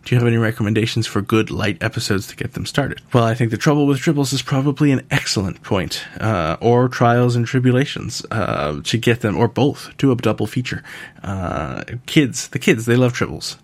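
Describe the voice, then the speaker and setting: Dry-humored American man, gravelly voice. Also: mid-range voice, lively intonation, brisk, no room sound. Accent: General American. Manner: dry, joking asides. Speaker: podcast host answering listener questions. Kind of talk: casual listener Q&A.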